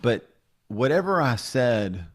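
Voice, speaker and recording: A man's voice: mid-range voice, big pitch swings, slow. A man who is a pastor and podcast host, chatting casually and telling self-deprecating stories. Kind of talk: casual interview chat.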